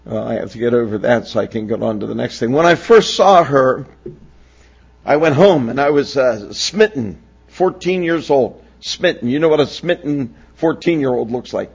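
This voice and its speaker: A man's voice: mid-range voice, expressive, moderate pace, vocal fry, breathy edge, muffled recording. A pastor in his sixties from Pennsylvania, preaching a sermon with folksy, humorous storytelling. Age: 60s.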